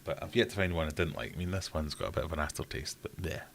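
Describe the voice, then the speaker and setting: A man's voice: very deep voice, very fast, gravelly, background noise. A man from Sheffield, hosting a casual livestream and chatting in a rambling way while answering viewer questions. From Sheffield, England. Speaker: livestream host.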